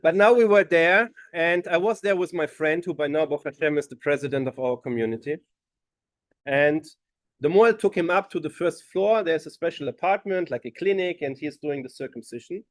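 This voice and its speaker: Rabbi telling a lively story. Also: male voice, fairly high pitch, normal speed, dry recording. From Germany. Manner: animated storyteller acting out quoted voices. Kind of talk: storytelling at a gathering. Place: gathering hall.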